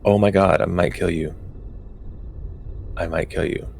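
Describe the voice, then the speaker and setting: Gravelly deep-voiced male game master. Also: fairly even intonation, unhurried, a little mellow, a little hiss or hum. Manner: casual, hesitant with many ums, laughs easily. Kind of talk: narrating a tabletop game.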